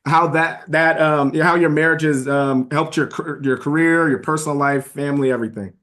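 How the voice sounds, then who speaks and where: A man hosting a podcast, asking a question in a halting way with fillers as he searches for words. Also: a little high, a bit bright. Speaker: podcast host. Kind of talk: interview question.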